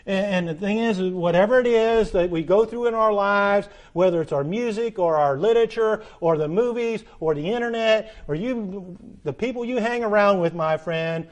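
A middle-aged man preaching a sermon earnestly, dropping low at the ends of lines and rising for emphasis. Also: moderate pace, hardly any pauses. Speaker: pastor.

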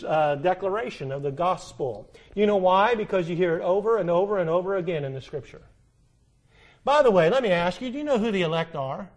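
A middle-aged man preaching a sermon. He asks the congregation questions and repeats key phrases for emphasis. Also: high-pitched. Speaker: pastor.

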